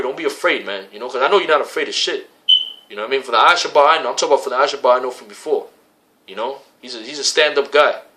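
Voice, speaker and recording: A man's voice: medium pitch, bright, forceful tone. A man in an impassioned spoken rant to his religious brothers, repetitive and profane, tacking "man" onto his sentences. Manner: heated, repetitive, profane, keeps adding "man". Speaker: religious community member addressing his brothers.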